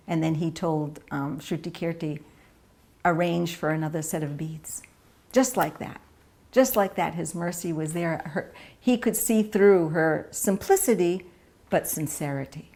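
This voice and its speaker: A woman recalling old memories in an interview, telling her story in a lively, chatty way. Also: deep voice, normal speed. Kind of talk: reminiscing interview.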